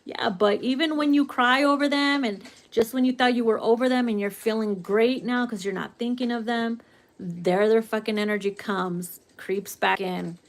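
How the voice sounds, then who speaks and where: A woman giving a casual tarot reading, brash and profane, theatrical and quick to laugh. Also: a little high. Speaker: tarot reader.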